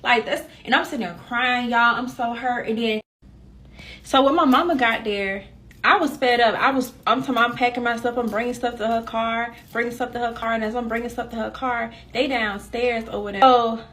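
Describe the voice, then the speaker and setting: A woman's voice: a little high, a little fast, far from the mic. Young woman telling a story. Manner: animated, addresses viewers directly. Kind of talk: casual storytime.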